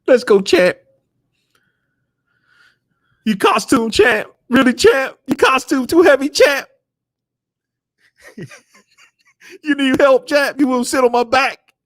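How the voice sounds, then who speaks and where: A man putting on a shrill, sing-song voice to play a heckler mocking a champion. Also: slow pace, long pauses.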